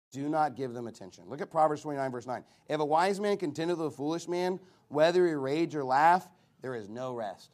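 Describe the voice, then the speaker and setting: High-voiced man preaching emphatically. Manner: emphatic, repeated rhetorical questions with one-word answers. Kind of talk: sermon.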